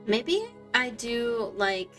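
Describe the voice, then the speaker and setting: A woman's voice: a little high, lively intonation, very slow, a bit bright. Young woman, casual gaming chatter, wanders off topic constantly, filler-heavy delivery, faint game music underneath. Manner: rambling, loses her train of thought, many fillers. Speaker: streamer. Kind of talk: casual chat while gaming.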